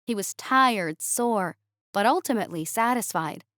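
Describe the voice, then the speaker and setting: A woman narrating a sci-fi story in an even, steady storytelling voice. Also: a little high, measured pace, no room sound, studio quality.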